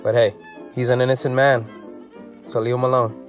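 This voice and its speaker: A man's voice: mid-range voice, little pitch movement, a little fast. A man hosting a casual news podcast, reading posts aloud with wry, sarcastic asides and chuckles. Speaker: podcast host. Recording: slightly dull lo-fi audio with faint music.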